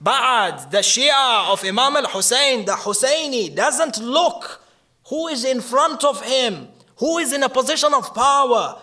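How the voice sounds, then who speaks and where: With a very high, sharp, animated voice, a little slow, a shaikh gives a mournful Muharram sermon. He blends Arabic religious terms into his English and swells into lamenting cries.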